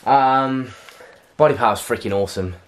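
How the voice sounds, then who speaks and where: A young man chatting excitedly in a casual fitness vlog from home. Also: medium pitch, moderate pace, slight background noise. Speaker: fitness vlogger. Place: at home indoors.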